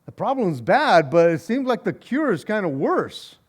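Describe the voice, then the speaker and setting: A man's voice: high voice, sing-song, normal speed. A male pastor giving a conversational Bible study. He reads scripture aloud, then explains it with wry sarcasm, chuckling and repeating words as he goes.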